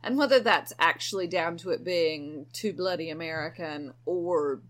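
A woman's voice: deep voice, moderate pace, a bit bright. A woman co-hosting a podcast in casual chat, opinionated and wry, drawing her phrases out. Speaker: podcast co-host.

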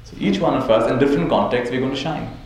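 A man's voice: medium pitch, fast talker, vocal fry, a little mellow. A man teaching a live audience as a spiritual teacher, telling stories, chuckling often and checking in with "right?". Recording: very echoey hall, faint noise.

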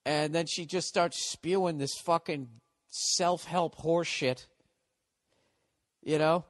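A man's voice: a little high, steady tone, slow pace, dry recording, studio quality. Middle-aged man podcast host, swearing, ranting, rambling monologue. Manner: profane, ranting.

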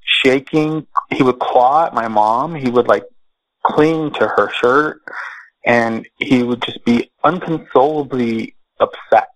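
Male guest, measured storyteller, dry close-miked sound. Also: medium pitch, no echo, poor audio. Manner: slow, measured, halting with fillers. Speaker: interview guest. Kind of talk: personal storytelling.

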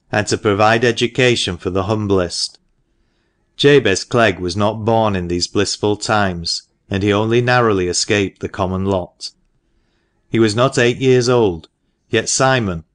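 A man narrating a classic novel as an audiobook in a measured, even manner. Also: on the low side.

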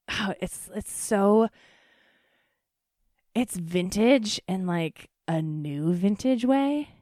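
A woman hosting a podcast in casual chat, gushing and excitable, swearing freely and full of fillers. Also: lowish voice, no echo, clean studio sound.

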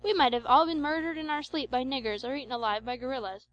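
A woman's voice: sits high, steady tone, fast talker, fairly bright tone, dull audio. A woman voicing a teasing young male prankster. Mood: mock-scolding.

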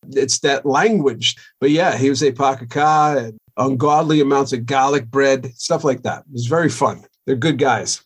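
A man's voice: mid-range voice, normal speed, hardly any pauses, breathy edge. A man, a rock drummer telling stories and joking as a podcast guest. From Long Island, New York. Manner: joking, storytelling, laughs easily. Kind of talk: casual interview chat.

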